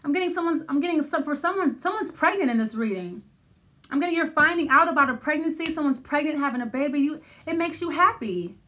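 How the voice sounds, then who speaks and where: A woman's voice: high-pitched, lively intonation, fast, a bit bright. A woman giving a casual tarot reading, thinking aloud with many restarts and fillers. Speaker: tarot reader.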